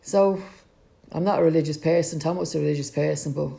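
A woman's voice: low-pitched, steady tone, quick pace, creaky, warm tone. A middle-aged Irish woman telling a personal family story, acting out the voices of the people in it.

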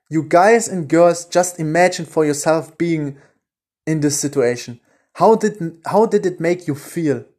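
German guy doing a solo motivation podcast, mellow warm voice, excited, swears a lot, gets quiet and dreamy. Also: fairly high pitch. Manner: enthusiastic, swears casually, drops to a hushed voice while visualizing. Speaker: podcast host. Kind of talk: motivational monologue with guided visualization.

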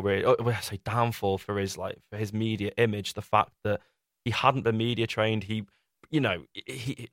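Bloke arguing his point on a podcast, lowish voice, dry close sound. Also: fairly bright tone, no echo. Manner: argumentative, acts out quoted voices. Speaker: podcast co-host reviewing a documentary. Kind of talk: casual debate.

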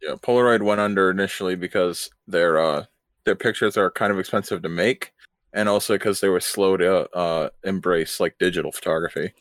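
A young man on a podcast, joking crudely in a deadpan way. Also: low-pitched, fairly quick, dry recording. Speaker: podcast co-host. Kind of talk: casual chat.

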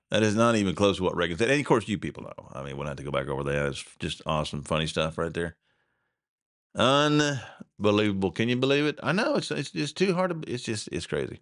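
Brief: low-pitched male talk-show host, loose rambling delivery, dry close mic. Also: sing-song, moderate pace, pauses often, a bit bright, dry recording. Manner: rambling, repeats himself, laughs at the news. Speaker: podcast host. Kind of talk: casual solo commentary.

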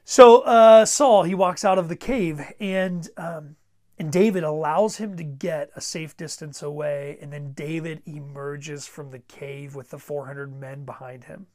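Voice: mid-range voice, unhurried, a little mellow. A pastor preaching a sermon in a conversational way, repeating words and pressing urgent exhortations.

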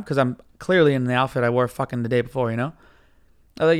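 Smooth-voiced man telling a rambling story. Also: mid-range voice, expressive, a little fast. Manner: rambling, profane, acts out other people's voices. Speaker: podcast host. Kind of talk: casual storytelling monologue.

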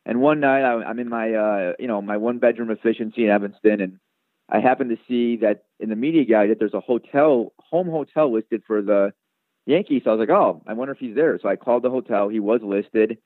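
A man's voice: on the low side, a little fast, no room sound. A man guest telling a long story in a casual interview, rambling with many fillers and restarts. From Chicago area. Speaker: guest, sports radio producer. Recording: tinny phone-like line.

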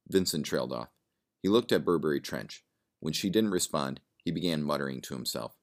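A man reading a story aloud in plain, steady narration. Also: rumbling low, normal speed.

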